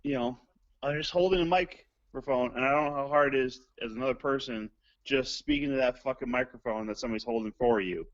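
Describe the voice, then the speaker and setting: A man's voice: mid-range voice, fast, no echo. A man calling in to a talk show, rambling and joking crudely. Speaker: caller guest. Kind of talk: casual phone chat. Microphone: phone line. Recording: dull lo-fi phone line.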